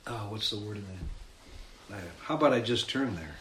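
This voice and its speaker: Animated preacher man in an echoey room. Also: fairly low pitch, fairly quick, a little hiss or hum. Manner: animated, acts out the scene with rising emphasis. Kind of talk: sermon.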